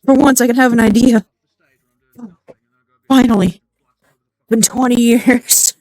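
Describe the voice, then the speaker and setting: A game streamer chatting casually and excitably with viewers, rambling, joking and reacting out loud. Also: mid-range voice, slow, dry recording, poor audio. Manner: excitable, rambling, jokey, talks to chat. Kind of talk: casual live-stream chatter while gaming.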